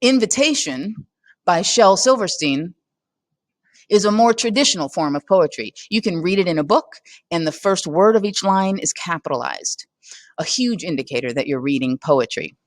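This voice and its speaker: A woman's voice: on the low side, lively intonation, moderate pace, no room sound. A woman narrating a scripted poetry lesson in a conversational way, often putting questions to the listener. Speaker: teacher.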